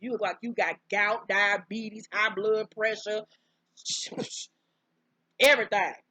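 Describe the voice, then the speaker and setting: A woman recapping a reality show in casual, profane storytelling, bursting into high, loud exclamations. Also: steady tone, slow pace, no echo, lo-fi sound. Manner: profane, brash, outspoken commentary; breaks into high-pitched exclamations.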